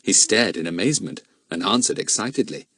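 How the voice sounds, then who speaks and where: Male audiobook narrator, husky, very animated delivery, dry sound. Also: lowish voice, a little fast, no echo. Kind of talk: scripted narration.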